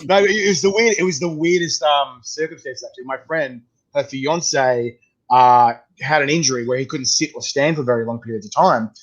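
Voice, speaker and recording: An Australian man hosting a casual chat; he talks in an excitable, chatty way and swears freely. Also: mid-range voice, normal speed. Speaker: host. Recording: dull lo-fi audio.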